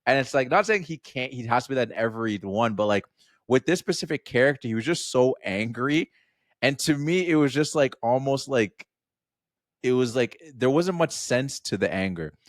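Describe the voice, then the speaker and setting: A man co-hosting a podcast, chatting casually about a film in a rambling, animated way and acting out little quotes. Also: mid-range voice, moderate pace, no room sound, clean studio sound. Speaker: podcast co-host. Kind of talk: casual film review chat.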